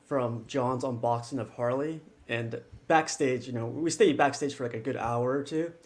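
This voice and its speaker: A man's voice: mid-range voice, normal speed. A man hosting a casual livestream chat, friendly and upbeat, laughing often. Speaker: host.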